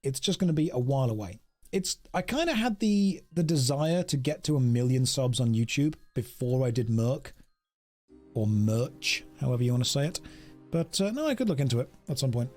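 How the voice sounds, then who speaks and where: A man's voice: mid-range voice, sing-song, fairly quick, a little mellow, soft background music. A man chatting casually on a live game stream, joking and reading chat aloud into a desk microphone.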